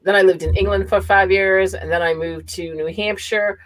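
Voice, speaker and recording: A woman's voice: mid-range voice, fairly even intonation, normal speed, poor audio. Boston lady hosting a chill livestream, chatty, laughs a lot, reads out comments. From Massachusetts. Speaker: livestream host. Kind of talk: casual chat.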